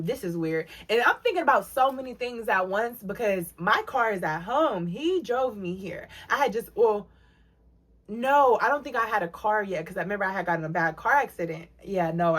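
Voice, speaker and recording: A young woman, telling a storytime vlog story in an animated way, acting out what people said with big jumps in pitch. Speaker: vlogger.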